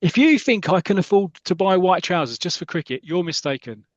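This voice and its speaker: A man's voice: high voice, animated, a little fast, dry recording, lo-fi sound, pitched above the performer's own voice. A man reading aloud the lines of a stern, thrifty grandmother from a comic strip.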